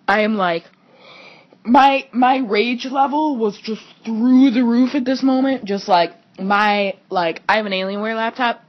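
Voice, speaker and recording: A female vlogger tells a rambling story to camera in a casual vlog, swearing a lot and saying "like" constantly. Her voice is mid-range at a normal speed, and the recording has its highs cut off.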